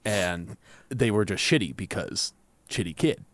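A man's voice: fairly low pitch, animated, a little slow, a bit bright, no room sound. A young man co-hosting a casual chat, chiming in with short jokes and quips. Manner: short joking interjections and quips.

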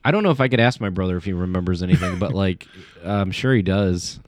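A man's voice: low voice, quick pace, no echo. A man chatting casually on a podcast, rambling with many fillers and restarts as he tells stories. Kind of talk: casual chat.

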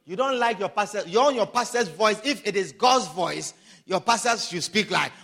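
High-voiced, animated preaching man. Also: gravelly. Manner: preaching with sudden shouts and drawn-out emphatic lines. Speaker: pastor. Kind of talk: sermon.

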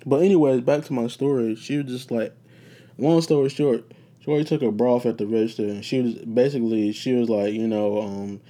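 Speaking briskly in a medium-pitched voice with a dark tone, a podcast host tells stories alone from his room. His style is rambling, profane, and relaxed.

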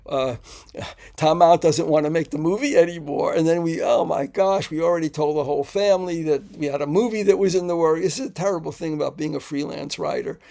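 A man, a screenwriter guest in an interview, spins his anecdotes in a halting, filler-laden way. His voice sits a little high and has a gravelly fry, and he bursts into acted-out quotes along the way. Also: mellow.

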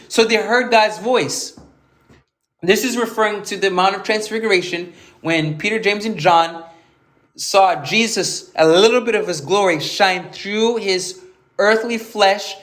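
Male preacher, high-pitched, conversational verse-by-verse teaching, roomy echo. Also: moderate pace, a bit bright. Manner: conversational, repeats words, reads scripture aloud and explains it. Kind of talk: informal Bible teaching.

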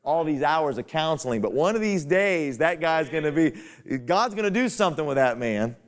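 A man's voice: on the high side, lively intonation, moderate pace. A man preaching a sermon to fellow pastors in a folksy, conversational way that climbs to emphatic peaks.

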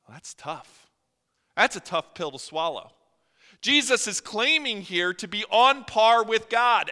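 High, bright-voiced preacher in a hall. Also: male voice, animated, unhurried, clear, resonant tone. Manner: earnest, voice swells and drops for emphasis. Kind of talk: sermon. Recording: reverberant hall.

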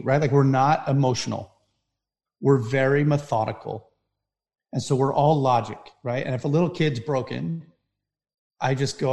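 A middle-aged man, a firefighter, telling stories in an animated way and often asking "right?". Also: mid-range voice. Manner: animated storyteller, frequent "right?" tags. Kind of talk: storytelling talk.

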